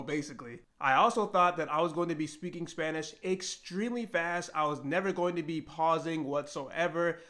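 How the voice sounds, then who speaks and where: A young man talking earnestly and reflectively to camera in a personal vlog, with pauses and restarts. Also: on the high side, a bit bright. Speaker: language-learning vlogger.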